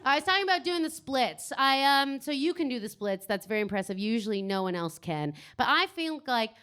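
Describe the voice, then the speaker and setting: A young woman with a Canadian accent works the crowd in a comedy club basement, her voice pitched fairly high and swinging widely as she teases and swears. Her delivery is brash and playful. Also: sing-song, fairly quick, a bit bright, clear, resonant tone. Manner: teasing, brash, swears freely. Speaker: stand-up comedian. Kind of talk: stand-up crowd work.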